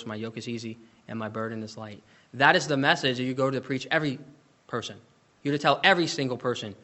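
Bright-voiced emphatic preacher. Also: male voice, medium pitch. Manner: emphatic preaching, reading scripture aloud with rising intensity. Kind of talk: sermon.

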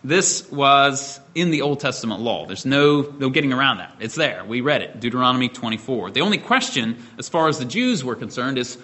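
A middle-aged man delivers an expository sermon, walking his listeners through the scripture step by step. His voice is bright and forward, at an ordinary pitch for a man. He talks in a measured way, now and then pausing on a filler or restarting a phrase. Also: animated. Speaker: preacher.

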